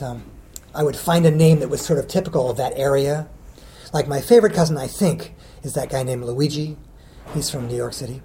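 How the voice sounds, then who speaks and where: A man's voice: fairly high pitch, warm tone. A middle-aged man, a children's poet, answering interview questions casually, rambling and hesitant with many ums.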